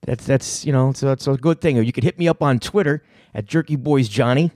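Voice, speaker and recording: A man's voice: medium pitch, a little fast, a little mellow, dry recording, studio quality. Laid-back profane New York guy host. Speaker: show host and prank caller. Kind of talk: casual podcast talk.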